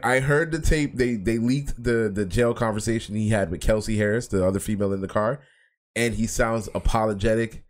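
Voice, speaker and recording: Laughing, animated podcast co-host man. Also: lowish voice, fairly quick. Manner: animated, laughing, with slang and restarts. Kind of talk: casual podcast banter.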